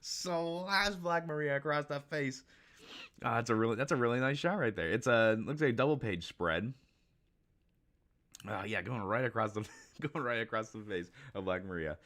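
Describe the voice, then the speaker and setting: A man's voice: medium pitch, animated, normal speed, a bit bright. A man hosting a casual live reaction to a comic chapter, reading it aloud, laughing often and talking with many fillers and restarts. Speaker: manga reaction host.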